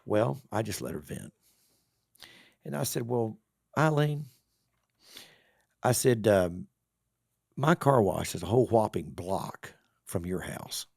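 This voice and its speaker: A middle-aged man telling a story in a casual podcast interview, folksy and animated. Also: lowish voice, takes it slowly, creaky, pauses often, slightly rough, dry recording, studio quality. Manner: folksy, animated storyteller acting out quoted voices. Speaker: business owner and real estate developer.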